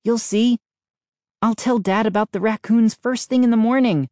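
A woman voices an anxious, kind young boy who speaks in urgent whispers, pitching above her own voice while still sounding natural. Her tone is slightly high and a little mellow at a moderate pace, recorded with studio quality and no room sound.

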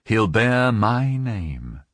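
A man reading an audiobook, voicing a young man who speaks calmly and firmly. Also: on the low side, normal speed, creaky, husky, dry recording, clean studio sound, heavily acted. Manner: calm, restful, firm. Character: young man, calm, quietly resolute. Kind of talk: audiobook character voice.

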